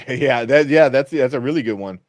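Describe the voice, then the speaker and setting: A man talks through a movie review on his podcast, rambling and laughing often. His voice sits at a middle pitch. The sound is dry and close, with no room around it. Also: normal speed, darkish tone, no room sound. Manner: laughing, rambling with many fillers. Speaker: podcast host. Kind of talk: casual chat.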